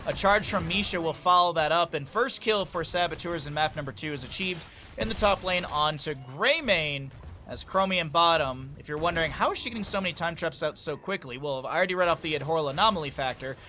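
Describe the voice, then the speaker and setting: Bright-voiced excitable esports caster man. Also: fairly high pitch, a little hiss or hum. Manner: excitable, rambling asides between fast play-by-play; chatty, talks directly to chat. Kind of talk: live esports play-by-play commentary.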